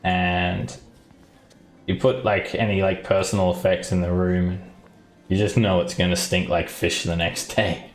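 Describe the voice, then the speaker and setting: A man narrating as game master of a tabletop game, relaxed and laughing between lines. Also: deep voice, measured pace, roomy sound, soft background music, rough recording.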